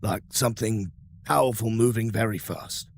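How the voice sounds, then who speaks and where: A man's voice: fairly low pitch, moderate pace, vocal fry, no room sound, studio quality. A man speaking in character as a deferential officer in a tabletop game, with frequent hesitations. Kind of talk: in-character tabletop role-play.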